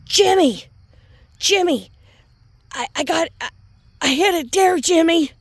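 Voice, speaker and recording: A woman's voice: very high-pitched, animated, slow, no echo, pitched above the performer's own voice, full character voice. A woman putting on the voice of a panicked young mother who screams and whines for her husband. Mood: panicked wailing. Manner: screaming, whiny, repeating a name.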